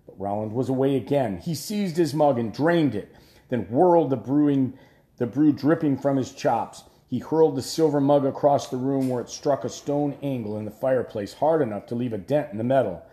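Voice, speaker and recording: A man's voice: medium pitch, echoey room. Male narrator reading a novel aloud. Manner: measured storytelling, dropping quiet at tense moments. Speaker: audiobook narrator. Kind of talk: scripted narration.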